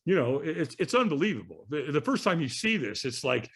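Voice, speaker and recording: A man tells a story as a guest on an interview podcast, his voice sitting a little high for a man and swinging widely in pitch. He talks fairly quickly and animatedly, with a slightly rough voice, acting out the voices of the people in his story.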